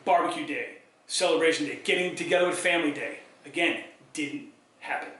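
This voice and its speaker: High, bright-voiced man in an echoey room. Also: fairly quick, distant mic. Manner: upbeat, chatty, asks viewers questions. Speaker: host. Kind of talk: solo talk show monologue. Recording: echoey room, voice a bit off mic.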